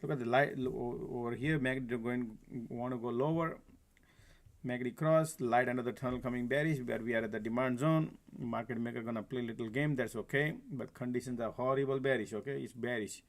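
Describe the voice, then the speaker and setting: A man with a mid-range, steady voice talks a little fast as he hosts a live stock trading stream, giving market commentary. He chats casually with viewers, calls them folks, and laughs often. He uses a desk mic but sometimes sits far from it.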